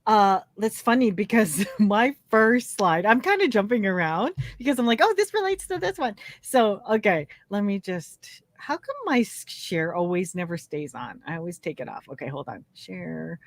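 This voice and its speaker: A woman's voice: mid-range voice, animated, dry recording. Brief: woman co-host, casual stream chat, giggly, stop-start delivery, dry sound. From Canada. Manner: giggly, halting, lots of fillers.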